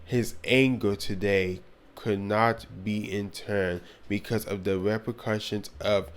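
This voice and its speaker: A man's voice: fairly low pitch, fairly even intonation, slow pace. A young man giving an earnest, blunt commentary on his vlog, now and then sarcastic. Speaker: video commentator.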